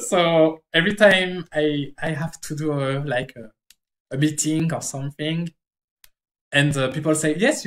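French-accented streamer, halting casual chat. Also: mid-range voice. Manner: halting, searching for English words. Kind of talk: casual chat while drawing.

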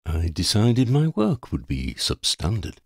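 A man doing a deadpan cloaked ferryman. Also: fairly low pitch, unhurried, breathy edge, no echo, exaggerated voice. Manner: formal, dry and deadpan. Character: solemn cloaked six-fingered ferryman.

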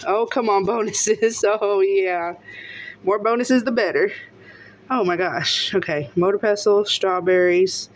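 Excitable woman scratching lottery tickets. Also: medium pitch, moderate pace. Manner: excitable, exclaiming and laughing often. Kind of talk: casual narration while scratching tickets.

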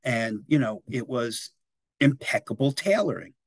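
A man's voice: medium pitch, very animated, unhurried, creaky, no room sound. A man in his sixties giving a casual, rambling history talk at a library, often checking in with his listeners. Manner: chatty and digressive, often tags "right?" and "you know".

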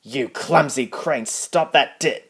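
A man reading aloud and voicing a snooty, boastful male silver engine with a sneering, drawn-out delivery. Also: on the low side, a bit bright. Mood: shouting.

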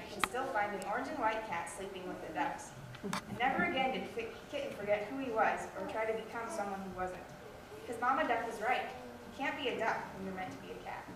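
A woman reading a children's story aloud with lively expression at a school program. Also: mid-range voice. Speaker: student reader. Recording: echoey hall from far off, noisy.

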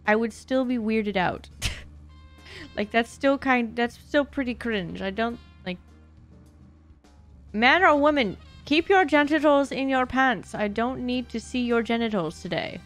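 Young girl streamer, kinda high voice, crude jokes and giggles while gaming, faint music behind. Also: lively intonation, measured pace. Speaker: VTuber streamer. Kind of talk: casual gameplay chat.

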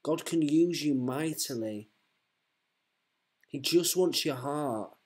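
Man, husky voice, fairly high pitch, fervent one-on-one preaching. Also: slow, darkish tone. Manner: fervent, repetitive, restarts mid-sentence.

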